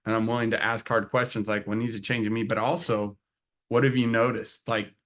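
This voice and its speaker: A man's voice: lowish voice, flat delivery, brisk, a bit bright. Earnest man co-hosting a chat show. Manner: earnest, confessional, acts out quoted exchanges. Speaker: co-host. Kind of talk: casual chat.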